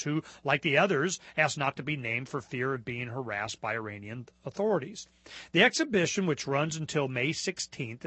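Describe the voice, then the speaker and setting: Rambling talk host, bright and dry. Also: male voice, medium pitch, no room sound. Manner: rambling, full of fillers and restarts, sarcastic asides. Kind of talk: radio talk show monologue reading news aloud.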